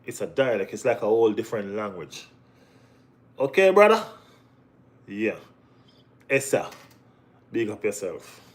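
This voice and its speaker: A young man hosting a casual live football chat, often saying "you know what I mean" and jumping to high, excited exclamations. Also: unhurried, pauses often.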